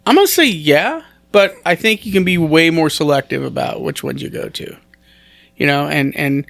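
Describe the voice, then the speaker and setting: Gravelly-voiced rambling comedian. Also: male voice, fairly high pitch, expressive, moderate pace, fairly bright tone, dry recording. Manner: rambling, restarts a lot, self-deprecating. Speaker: stand-up comedian guest. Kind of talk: casual podcast chat.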